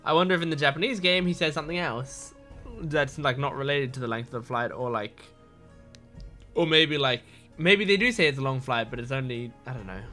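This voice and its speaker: A man's voice: medium pitch, fairly quick, bright, forceful tone. A young man chatting casually over a game playthrough, rambling with many fillers. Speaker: let's play host. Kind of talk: casual game commentary and reading dialogue aloud. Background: faint game music.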